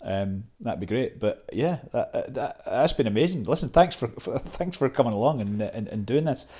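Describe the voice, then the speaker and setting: A man's voice: medium pitch, animated, moderate pace, warm tone. A man hosting a podcast, talking in a friendly, informal way. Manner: friendly, informal wrap-up talk. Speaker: podcast host. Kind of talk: casual podcast chat. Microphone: cheap microphone.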